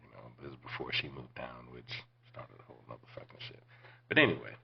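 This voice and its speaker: Very deep gravelly man telling stories. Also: a little fast, muffled recording. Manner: profane, laid-back, drops to near-whispers. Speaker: podcast host. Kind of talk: casual storytelling.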